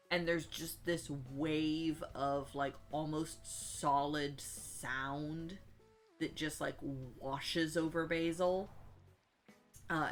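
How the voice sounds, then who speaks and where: A woman's voice: sits low, a bit bright. A woman casually recapping a tabletop role-playing session, rambling with many fillers and asides. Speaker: player recapping a tabletop game.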